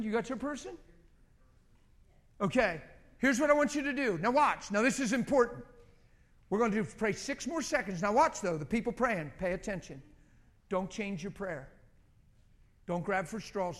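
Middle-aged pastor guy, high voice, chatty preaching, keeps repeating "watch"-type short commands. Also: fairly bright tone. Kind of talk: sermon leading group prayer.

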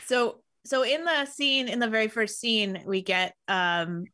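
A woman's voice: fairly high pitch, measured pace, sharp tone, dry recording, clean studio sound. A woman co-hosting a casual movie podcast, chatty, laughing often, with lots of ums. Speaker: podcast co-host. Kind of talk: casual movie-review chat.

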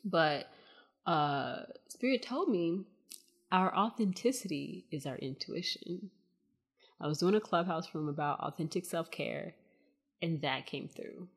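A woman hosting a spiritual podcast, talking casually to her listeners in a soft, meandering way with many fillers and calling them y'all. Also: lowish voice, lively intonation, unhurried, gravelly. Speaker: podcast host.

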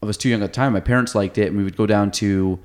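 A man's voice: lowish voice, steady tone, rapid-fire, darkish tone, smooth. A man hosting a podcast in casual chat, rambling and thinking aloud. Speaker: podcast host.

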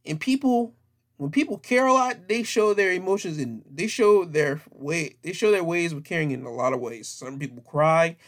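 A man giving opinion commentary in a vlog, talking in an emphatic, plainspoken and repetitive way. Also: a little high.

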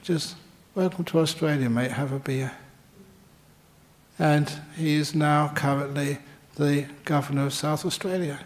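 A man giving a Buddhist dharma talk in a slow, reflective storytelling manner. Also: a little high, fairly even intonation.

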